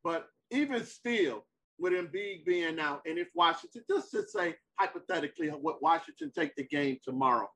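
A man's voice: a little high, sing-song, normal speed, fairly bright tone, slightly rough, poor audio. A man with a somewhat raised voice holds forth in a casual sports debate. He is emphatic and repeats his point until he has the floor. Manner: emphatic, repeats himself, cuts in. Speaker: sports talk co-host.

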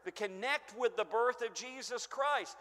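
A man preaching a sermon, emphatic, swinging between booming stresses and hushed asides. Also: unhurried. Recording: long echo of a church hall.

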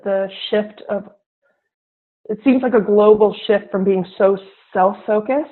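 Animated teacher woman on a tinny line. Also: medium pitch. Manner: animated, acts out classroom dialogue. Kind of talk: interview guest.

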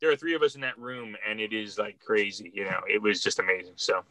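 A man's voice: lowish voice, fairly even intonation, quick pace, pushed and bright, no room sound. A middle-aged man from Philadelphia, a record store worker, tells stories in a rambling, heartfelt way with many restarts. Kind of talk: casual interview storytelling.

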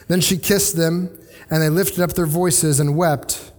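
A man preaching a sermon in a casual, conversational way, with animated paraphrases of the text he reads. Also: on the high side, unhurried, long reverb tail. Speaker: pastor.

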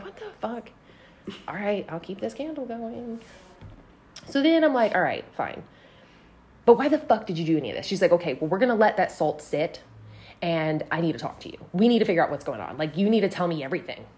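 A woman's voice: fairly low pitch, very animated, fast. A young woman from Texas telling a story in casual, profane chat and acting out the voices in quotes.

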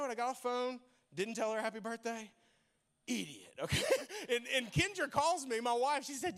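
A young man preaches in church with a strikingly high-pitched voice. He tells playful stories, laughs easily, and keeps turning to the congregation to draw them in. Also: a little fast. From Arkansas. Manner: lively, humorous, laughs often, addresses congregation directly. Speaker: pastor. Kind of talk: sermon with storytelling.

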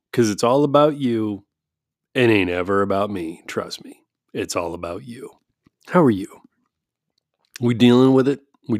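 A man's voice: mid-range voice, a little mellow, no room sound. Podcast host, man, mid-range voice, sarcastic casual rant with plenty of swearing, dead-dry close mic. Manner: sarcastic and blunt, swears freely, restarts often.

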